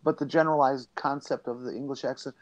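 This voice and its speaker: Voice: medium pitch, steady tone, quick pace, lo-fi sound. A speaker in a casual group conversation who explains things thoughtfully.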